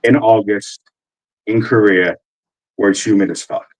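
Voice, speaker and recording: A man's voice: lowish voice, fairly even intonation, a little slow, rough recording. A man in his forties, an army veteran telling a casual, rambling story full of cursing and fillers. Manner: rambling, profane, with many fillers.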